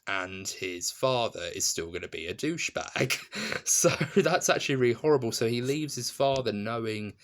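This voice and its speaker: A man's voice: mid-range voice, animated, moderate pace, fairly bright tone. A young adult man, giving a casual spoken film review, enthusiastic and rambling, with frequent restarts and laughs.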